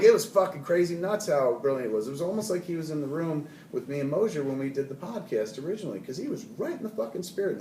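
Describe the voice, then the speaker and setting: A man's voice: on the high side, warm tone, slight background noise. A man in his forties, a filmmaker, giving rambling, laid-back and profane interview answers. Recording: roomy, mic at a distance.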